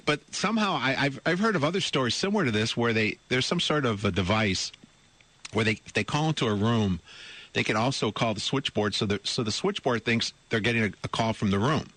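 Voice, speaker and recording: A man's voice: mid-range voice, expressive, a little fast, a bit bright. A middle-aged man hosting a radio talk show, reading a news story aloud and commenting on it. He sounds amused and incredulous, asks his listeners rhetorical questions and repeats his words as he goes. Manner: amused and incredulous, breaks into laughter while reading. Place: radio studio. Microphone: studio microphone.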